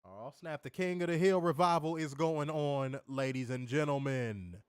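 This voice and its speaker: A man's voice: on the high side, normal speed, clean tone, no room sound, clean studio sound. Profane laid-back man recapping wrestling. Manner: loose, profane, laughing often. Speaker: wrestling review host. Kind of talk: casual crude show recap.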